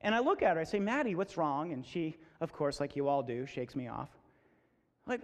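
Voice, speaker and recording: Animated man storyteller in an echoey hall. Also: a little high, normal speed. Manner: animated, acts out voices, comic. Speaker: school assembly speaker. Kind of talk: storytelling talk to students. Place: school hall.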